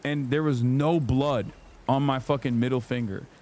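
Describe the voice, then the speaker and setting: A man in his thirties telling a story on his livestream, casual, profane and animated, jumping into high-pitched quoted voices. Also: normal speed, a little hiss or hum. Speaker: streamer.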